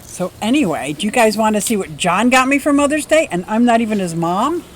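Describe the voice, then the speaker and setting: Outdoors in a yard, a woman in her fifties hosts a casual livestream, bubbly and chatty as she greets viewers by name. Her medium-pitched voice is expressive and fairly quick, with slight background noise.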